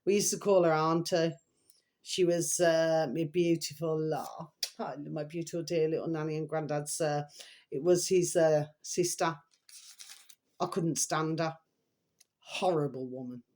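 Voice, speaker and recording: A woman's voice: low-pitched, steady tone, unhurried, a little mellow. An older woman, telling a rambling, emotional family story to her camera and repeating fond pet phrases. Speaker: vlogger.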